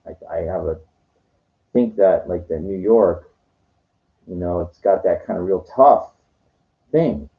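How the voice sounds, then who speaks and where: A man telling meandering personal stories, filled with "you know" and often trailing off quietly. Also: low voice, a little slow, long pauses, narrow, tinny audio. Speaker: vlogger. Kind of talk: rambling personal storytelling. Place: lives in Los Angeles.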